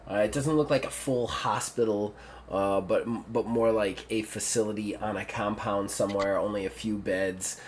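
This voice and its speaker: A man's voice: fairly low pitch, slight background noise. A man narrates a tabletop role-playing game as game master. His delivery is casual and loose, full of small fillers and restarts as he sets the scene.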